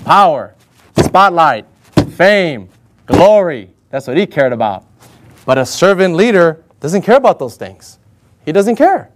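A male preacher with a fairly high voice delivers a sermon with energetic emphasis. He keeps throwing questions at the congregation and calls for their responses as he goes. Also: unhurried, a little hiss or hum. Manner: rhetorical questions and call-and-response.

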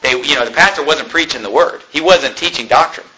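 A man's voice: fairly high pitch, brisk, pushed and bright, slight background noise, rough recording. A man preaching by telling a story, conversational and wry, tossing in "you know" and "okay?" as he goes. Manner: wry, joking asides. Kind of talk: sermon storytelling.

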